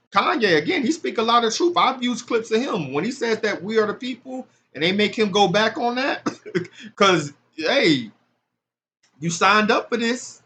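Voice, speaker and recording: A religious commentator with a high, fairly bright voice offers impassioned, casual takes on scripture. His loose street speech climbs into emphatic preaching, and slight background noise can be heard.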